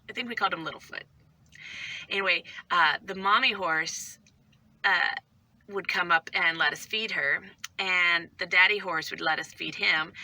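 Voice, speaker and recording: A woman's voice: fairly low pitch, bright, forceful tone. A woman vlogger and mother chatting casually to camera, rambling and self-mocking with lots of asides.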